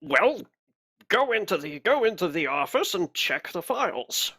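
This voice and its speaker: A man's voice: sits high, big pitch swings, a little slow, bright, forceful tone, breathy edge, dry recording, clean studio sound, voice pushed up, full character voice. A man voicing an impatient, haughty male arbitrator official who barks orders over a comm line. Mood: imperious. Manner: barking, imperious.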